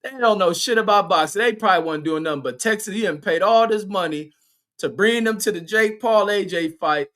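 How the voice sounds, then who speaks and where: High-pitched, profane streaming host. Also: male voice, a little fast. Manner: loud, profane, laughing, riffing on chat comments. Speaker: livestream host. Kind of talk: casual livestream commentary reading chat.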